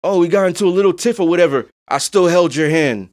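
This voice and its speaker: A man's voice: high voice, quick pace, darkish tone. A man hosting a podcast in a casual monologue. He talks bluntly and emphatically, swears freely, and keeps checking in with "you know what I'm saying.". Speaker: podcast host.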